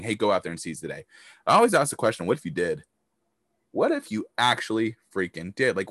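A man who is a business coach hosts a motivational business podcast, speaking emphatically, swearing casually and acting out hyped-up voices. His voice is on the low side, recorded with clean studio sound and no room sound.

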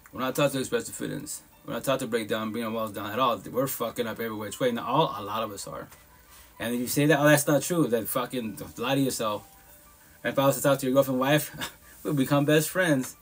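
Husky, blunt-talking man on a live stream. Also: medium pitch. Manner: blunt, profane, emphatic talk with frequent laughs. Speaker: live podcast host. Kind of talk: casual live-stream monologue.

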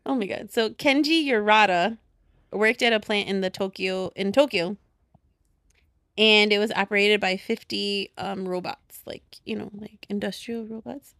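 Giggly Chicago woman with a gravelly edge. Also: mid-range voice, fairly even intonation, moderate pace, fairly bright tone, dry recording, studio quality. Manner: giggly, chatty, lots of "like". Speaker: podcast co-host. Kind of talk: casual chat.

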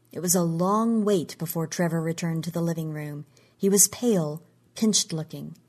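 A woman reads a piece of fiction aloud in an even, measured way. Her voice is low and husky. She moves steadily through the narration. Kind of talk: scripted story narration.

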